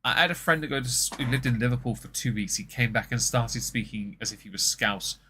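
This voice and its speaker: A man's voice: mid-range voice, brisk, bright, forceful tone, slightly rough. A man from southern England with a posh southern English accent, co-hosting a casual political commentary chat, wry and chatty with a slight stammer now and then. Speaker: podcast co-host.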